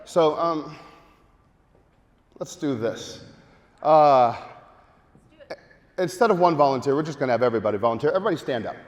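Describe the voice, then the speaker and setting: A man giving a lively marketing seminar to a live audience, joking and urging the crowd to take part. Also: a little high, normal speed, long pauses. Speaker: speaker at a marketing event. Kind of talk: energetic live seminar talk. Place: large hall with audience. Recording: long hall reverb.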